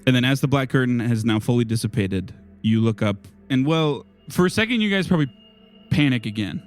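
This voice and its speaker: A man's voice: medium pitch, lively intonation, brisk, faint music behind. A man running a tabletop game as game master, describing scenes in a loose, filler-heavy way.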